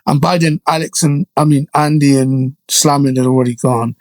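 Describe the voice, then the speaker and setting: Animated storyteller, a middle-aged man from Jamaica. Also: fairly high pitch, moderate pace, no echo. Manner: animated storyteller, frequent "you know" and "right?" tags. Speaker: guest DJ. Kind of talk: casual storytelling interview.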